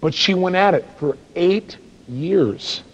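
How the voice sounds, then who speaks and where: High-voiced, animated male seminar speaker. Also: takes it slowly. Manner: animated, acts out dialogue, fires rhetorical questions. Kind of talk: live seminar talk to an audience. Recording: dull lo-fi recording.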